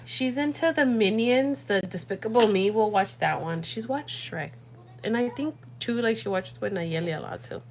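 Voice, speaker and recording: A young woman chatting casually on a livestream from home at night, animated and slangy, talking straight to her viewers. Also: medium pitch, moderate pace, slight background noise. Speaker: livestream host.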